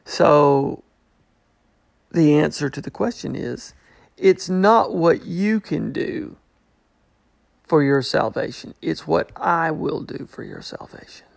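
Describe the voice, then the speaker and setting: A man's voice: a little high, expressive, slow pace, creaky, long pauses, dry recording, clean studio sound. A man teaching a Bible passage who acts out the people's questions in a mocking tone. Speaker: preacher.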